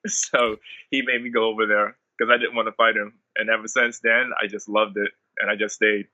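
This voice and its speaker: A young man from the Bahamas talks loosely through his fight story, full of fillers. His voice sits a bit low yet comes out very bright and sharp. The recording is dull and lo-fi. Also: brisk. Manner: relaxed, rambling, many ums and likes. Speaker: MMA fighter, interview guest. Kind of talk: casual interview storytelling.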